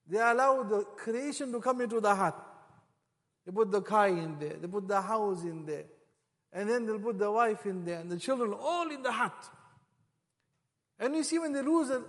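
A man's voice: high voice, fairly bright tone. A man preaching a sermon, acting out quoted voices and rising to emphatic peaks. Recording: long hall reverb.

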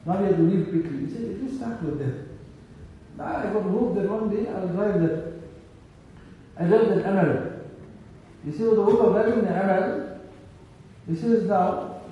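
A man's voice: high voice, moderate pace, pauses often, warm tone, highs cut off, slight background noise. A man preaching a sermon in a mosque, telling stories and mixing in Arabic and Urdu phrases. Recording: echoey hall, distant mic.

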